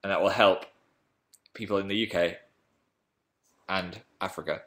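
Bright-voiced man chatting playfully. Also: low-pitched, fairly even intonation, measured pace. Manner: chatty, playful, reads viewer comments aloud. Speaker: livestream host. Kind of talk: casual livestream chat.

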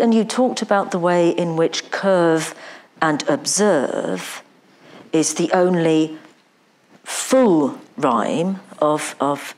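A woman's voice: fairly low pitch, a little mellow. A woman tutor running a mock admissions interview, repeating words as she asks probing questions. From England.

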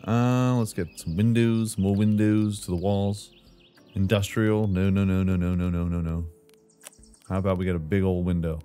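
A man's voice: low-pitched, fairly even intonation, moderate pace, mellow, smooth, soft background music. A man casually commentating while he plays a house-building game, joking with himself and calling out what he builds. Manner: playful, talks to himself, jokey asides like "brother". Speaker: gaming channel host. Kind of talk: casual let's-play commentary.

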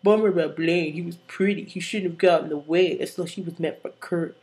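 A smug, scheming teenage boy, acted out by a woman, drawling his lines in a cocky, low-key way. The voice stays lowish and close to her own. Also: fairly even intonation, brisk, darkish tone, close to an everyday voice.

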